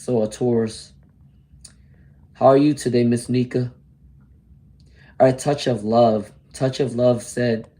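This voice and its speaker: Man, hoarse, warm low tone, tarot reader, chatty live stream, greets viewers. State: hoarse from laryngitis.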